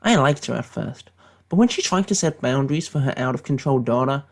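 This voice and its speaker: A British man putting on an American accent, giving deadpan, mock-serious tier-list commentary with rambling tangents. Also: mid-range voice, brisk, vocal fry. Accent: put-on American accent. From Britain. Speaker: YouTube commentator.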